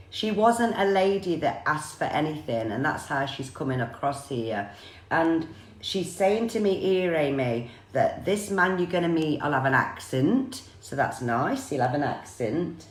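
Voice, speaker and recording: A woman's voice: sits low, animated, unhurried, reverberant. A woman working as a psychic medium, giving a chatty live-streamed reading and often repeating viewers' names.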